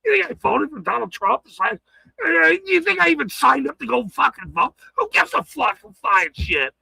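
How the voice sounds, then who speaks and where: An angry man ranting on his livestream, swearing hard, stammering and shouting. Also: very high-pitched, sing-song, moderate pace, gravelly, no echo, low-quality recording. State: furious.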